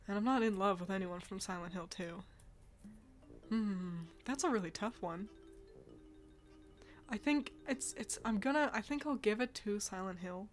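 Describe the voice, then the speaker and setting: Chatty, swearing woman streamer. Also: medium pitch. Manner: chatty, swears, laughs and sighs often. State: stuffy nose, yawning. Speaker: streamer reacting to game awards. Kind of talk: casual live-stream chat.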